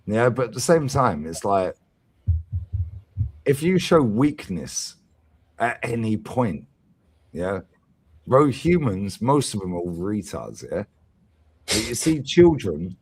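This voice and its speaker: A man's voice: lowish voice, husky. A man hosting a fan talk stream, telling stories in casual chat with plenty of slang and swearing. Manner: swearing, slangy, lively storytelling.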